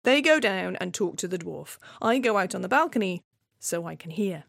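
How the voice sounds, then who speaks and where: A woman performing her own scripted dramatic monologue, sardonic and deadpan with frequent swearing. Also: on the low side, normal speed, creaky, no echo, clean studio sound. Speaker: playwright performer.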